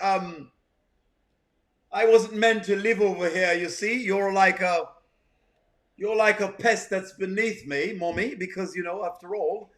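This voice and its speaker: A man's voice: high-pitched, pushed and bright, full character voice. A man voicing a snobbish little boy who puts on a fancy, affected way of talking to look down on his mother. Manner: prissy, affected fancy talk.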